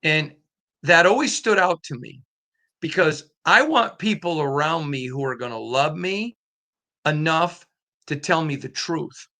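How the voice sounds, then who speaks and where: A man's voice: a little high, animated, unhurried, sharp tone. A man hosting a sports podcast who talks as a beat writer in casual interview chat, telling stories in an earnest, emphatic way.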